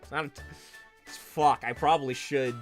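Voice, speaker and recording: A man's voice: medium pitch, steady tone, normal speed, faint music behind. A man giving casual gaming commentary, swearing often and talking to viewers. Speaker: let's play streamer.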